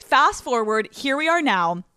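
A woman's voice: high voice, sing-song, a little slow, bright, forceful tone, clear, resonant tone, no echo. A woman in her late twenties hosting a podcast, bubbly and chatty, swearing freely in casual chat with a friend. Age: late 20s. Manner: bubbly, swearing, frequent laughing. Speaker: podcast host.

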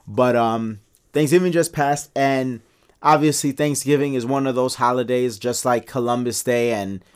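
Podcast guy chatting, gets animated and restarts a lot, voice shoots up when he makes his point. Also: normal speed, clean tone. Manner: animated, many restarts, rises in pitch when making a point. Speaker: podcast co-host. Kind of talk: casual podcast discussion.

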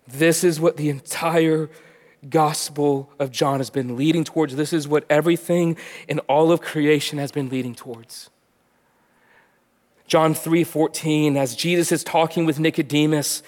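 Guy preaching in a church hall, kinda high voice, goes quiet then gets loud, big long echo. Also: steady tone, moderate pace. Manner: swings from soft and hushed to loud and emphatic. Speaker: pastor teaching. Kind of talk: sermon. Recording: long reverb of a large hall.

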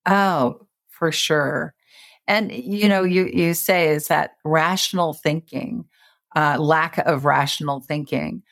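A woman's voice: low voice, slow, gravelly, fairly bright tone, dry recording, studio quality. A woman guest on an interview show, talking in an earnest, encouraging and self-reflective way about changing habits. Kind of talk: conversational interview explanation.

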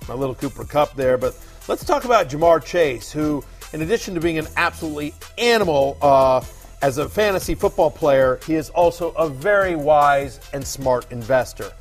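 A man's voice: fairly high pitch, lively intonation, normal speed, faint music behind. A man co-hosting a sports podcast, chatting casually in a jokey, rambling way from a studio. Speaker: podcast co-host.

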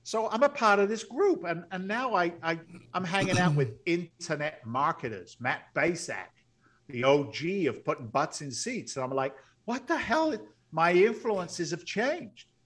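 A middle-aged man, a podcast guest, telling stories in a blunt, salty, animated way. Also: fairly high pitch, moderate pace. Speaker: podcast guest, real estate investor. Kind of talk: storytelling interview.

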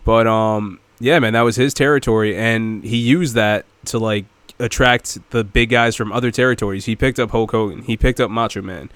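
A man's voice: lowish voice, fairly even intonation, normal speed, hardly any pauses, fairly bright tone, clean tone, no room sound. A man co-hosting a podcast, chatting casually and laughing often as he talks. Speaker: podcast co-host. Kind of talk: casual chat.

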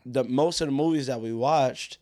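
A man's voice: medium pitch, normal speed, a little mellow, dry recording, clean studio sound. A young man in casual podcast chat, laughing a lot, talking in crude slang and acting out quoted voices.

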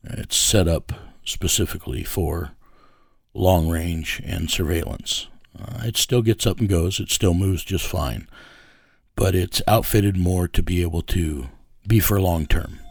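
A man's voice: deep voice, unhurried, vocal fry, slightly rough, dry recording, clean studio sound. A man working as a child recovery investigator, telling a story in an interview in a blunt, profane way with many fillers.

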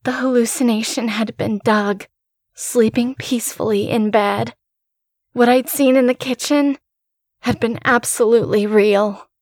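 A woman's voice: on the high side, fairly even intonation, measured pace, a little mellow, no echo, studio quality. A woman host narrating a first-person horror story in a tense, dramatic scripted reading.

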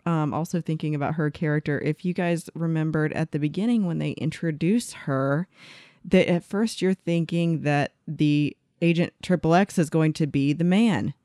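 Man, higher-pitched, easygoing podcast co-host, hesitant fillers, dry sound. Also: moderate pace, darkish tone, no room sound. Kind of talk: casual film discussion.

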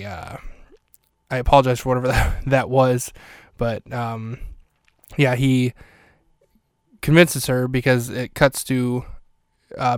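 A man's voice: mid-range voice, clean tone, no room sound. Man, podcast host, casual recap, wry and chatty, close dry sound. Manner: chatty, wry, lots of fillers and restarts. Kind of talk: casual solo recap commentary.

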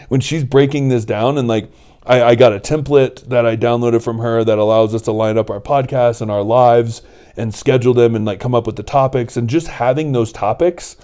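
A man's voice: mid-range voice, warm tone, clean tone. A man co-hosting a podcast in casual chat, rambling and candid with some mild swearing. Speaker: podcast co-host.

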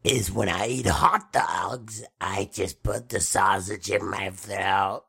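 A man voicing a crude man with a throat stoma, deadpan. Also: low-pitched, slow pace, vocal fry, husky, heavily acted.

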